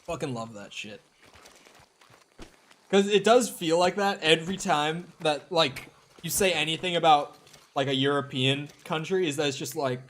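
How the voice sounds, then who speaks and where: A man's voice: fairly high pitch, normal speed, fairly bright tone. A young American man streaming a game, rambling in casual chat, swearing often and filling his sentences with "like". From United States. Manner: rambling, profane, many fillers like "like".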